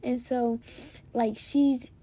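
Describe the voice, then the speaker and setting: A woman's voice: on the high side, fairly even intonation, drawn-out words, mellow. A teenage girl hosting a podcast, giving casual advice in an emphatic, chatty way full of "like" and "you guys". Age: teens. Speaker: podcast host.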